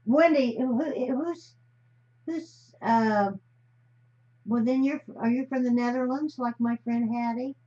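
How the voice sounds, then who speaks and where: A woman's voice: fairly high pitch, slow pace, dark tone. A woman from the United States hosting a live stream while she crafts, talking in a chatty, rambling way that often trails off mid-sentence. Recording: slightly dull, faint hiss.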